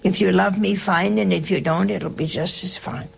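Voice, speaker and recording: A woman hosting a religious call-in show, giving an earnest, reflective spiritual talk in slow, emphatic parallel phrases. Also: fairly low pitch, fairly even intonation, creaky, husky.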